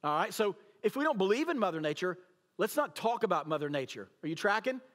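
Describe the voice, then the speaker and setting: A male pastor preaching a sermon, emphatic, swinging between loud declarations and hushed lines. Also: high-pitched, very animated, fast talker. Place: church auditorium.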